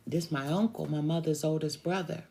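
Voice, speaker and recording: A tarot reader, a woman, tells a personal story to her viewers in a slow, drawn-out conversational way. Her voice sits a little low, with a gravelly fry and a mellow, dark color. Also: fairly even intonation.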